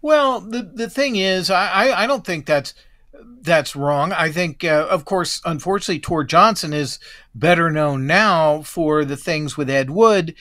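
A man's voice: on the high side, expressive, measured pace, bright, forceful tone. A man chatting as a guest on a podcast. He rambles a little, restarting his sentences and letting them trail off. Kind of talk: casual chat.

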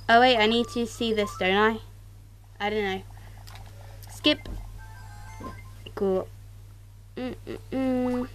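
A woman doing casual let's-play commentary to her viewers, excitable, exclaiming and mildly swearing, recorded on a tablet. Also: a little high, slow pace, long pauses. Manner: talks straight to viewers. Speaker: gaming YouTuber.

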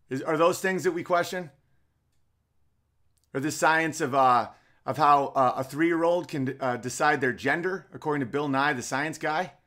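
A man's voice: fairly high pitch, bright, forceful tone. A middle-aged man hosting a casual comedic podcast, firing off sarcastic rhetorical questions. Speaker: podcast host.

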